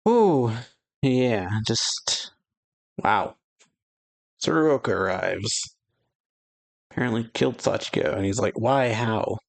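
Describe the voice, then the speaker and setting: A man casually reading a manga chapter aloud and retelling its dialogue, with lots of "yeah" and "uh" and quick exclamations. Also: mid-range voice, lively intonation, creaky. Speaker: anime reaction channel host. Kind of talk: casual manga read-along with reactions.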